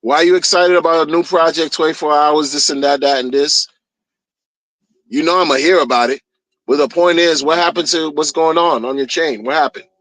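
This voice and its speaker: A man's voice: fairly high pitch, fairly even intonation, a little fast, a bit bright, dry recording. Male streamer, blunt slangy rant, repetitive, recorded close and dry. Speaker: crypto streamer. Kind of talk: casual rant.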